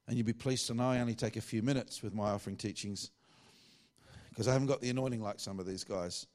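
A man's voice: lowish voice, fairly even intonation, quick pace, a little mellow. Chatty man preaching with joking asides. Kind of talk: sermon. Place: church meeting with an audience.

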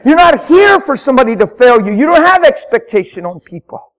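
A man preaching a spontaneous sermon in a church, fervent and emphatic, repeating his phrases and swinging up into loud shouts. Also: very high voice, sing-song, a little fast. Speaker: traveling preacher. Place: church hall with congregation.

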